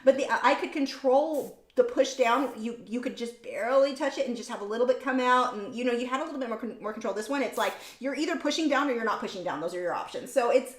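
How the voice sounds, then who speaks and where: A woman chats casually while hosting a painting livestream from her home studio. Her voice sits a little high and rings in a roomy space. She rambles and corrects herself mid-sentence. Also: fast talker, few pauses. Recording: roomy room sound.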